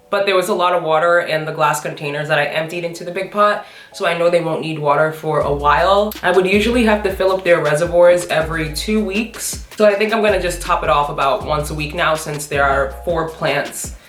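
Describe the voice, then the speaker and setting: A woman's voice: on the low side, fairly quick, fairly bright tone, reverberant, faint music behind. A woman plant vlogger chatting casually at home, dramatic and swearing freely. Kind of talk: casual vlog. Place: living room at home.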